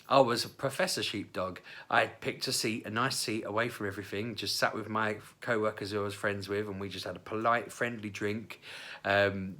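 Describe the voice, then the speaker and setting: Chatty British man with a bright, forward voice. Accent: British English. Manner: chatty, self-mocking, acts out quotes with big pitch jumps. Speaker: vlogger. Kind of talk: casual storytelling.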